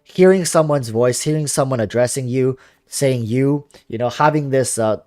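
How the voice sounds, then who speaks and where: A young man streaming a game, chatting casually with a calm, relaxing voice while he rambles through viewer comments and answers their questions. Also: medium pitch, moderate pace, no echo, studio quality, faint music behind. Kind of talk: casual livestream chat.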